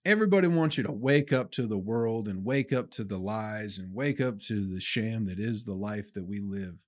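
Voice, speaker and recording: A man's voice: fairly low pitch, expressive, moderate pace, no echo, clean studio sound. A man hosting his own comedy podcast, delivering a rambling, profane monologue that he aims at listeners he calls people. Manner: acts out his own inner voice in quotes.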